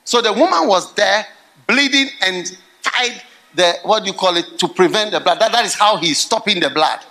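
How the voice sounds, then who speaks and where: Middle-aged male pastor, sermon delivery, animated storyteller with a sharp, high voice. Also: normal speed. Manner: animated storytelling that swings to loud laughing outbursts.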